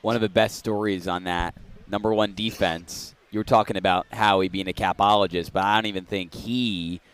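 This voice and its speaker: A man's voice: sits low, fairly even intonation, normal speed, clean tone. A man interviewing a guest in a casual sports chat, asking conversational follow-up questions. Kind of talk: casual radio row interview.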